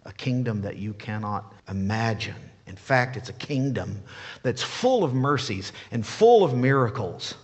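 A male pastor delivers a sermon with animated, playful energy and frequent rhetorical questions. His voice is husky at mid pitch. A long church reverb trails every phrase. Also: a little slow.

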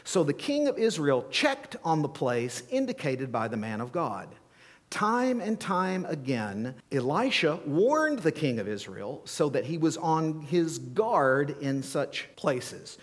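A man preaching as a pastor, telling the story in an animated way, acting out scenes with playful asides. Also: on the high side, takes it slowly. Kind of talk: sermon. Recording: long hall reverb.

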